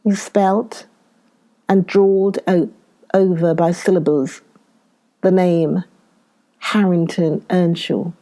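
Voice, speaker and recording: A woman reads a classic novel aloud as first-person storytelling. Her delivery is slow and deliberate, with expressive turns, and her voice is low-pitched and dark-toned with a mellow warmth. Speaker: audiobook reader. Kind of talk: dramatic reading of a classic novel.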